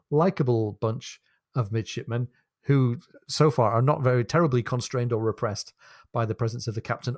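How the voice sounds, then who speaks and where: A man's voice: mid-range voice, a little mellow, dry recording. A man co-hosting a book podcast, walking listeners through the story and quoting passages from the novel. His voice sits in a middle register and comes across close and completely dry, with no room sound. He ends his stretches with a question to his partner. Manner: retells the plot and reads from the text, then hands over with a question. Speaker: podcast co-host.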